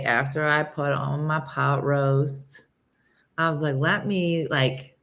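A woman hosting a casual livestream, chatting with viewers in a rambling way, with many fillers and frequent throat-clearing. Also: very deep voice. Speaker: livestream host. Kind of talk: casual chat with live viewers.

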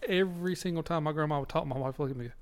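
Man, slightly high voice, laid-back storyteller on a podcast. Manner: relaxed, drawn-out storytelling with laughs. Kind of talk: casual chat.

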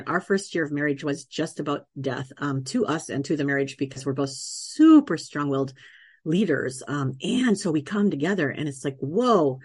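A middle-aged woman, a podcast guest, telling a lively faith-based story from her own life and laughing often as she acts out the voices of the people in it. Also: sits low, normal speed, breathy edge, no echo, studio quality. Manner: faith-based, earnest testimony. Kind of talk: conversational storytelling.

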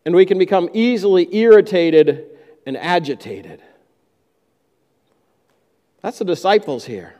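A man's voice: sits high, big pitch swings, normal speed, long pauses, darkish tone, big-room sound. A man preaching a sermon, who acts out the disciples' complaints in a raised voice. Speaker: pastor.

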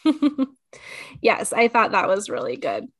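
A woman's voice: mid-range voice, huge pitch swings, takes it slowly, fairly bright tone, no echo. A woman co-hosting a podcast in casual chat, retelling scenes and laughing often. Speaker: podcast co-host.

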